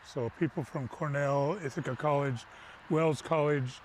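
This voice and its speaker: A man's voice: a little high, steady tone, a little slow, slight background noise, low-quality recording. A man speaking casually in an outdoor interview. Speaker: farm caretaker. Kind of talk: interview soundbite.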